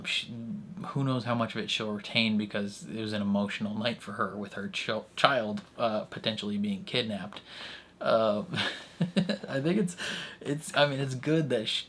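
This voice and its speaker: A man with a somewhat low voice rambles through a casual reaction commentary, leaning on filler words. A faint hiss sits under his voice. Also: steady tone, moderate pace, a bit bright. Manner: chatty, rambling, frequent filler words and laughter. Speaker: reaction channel host.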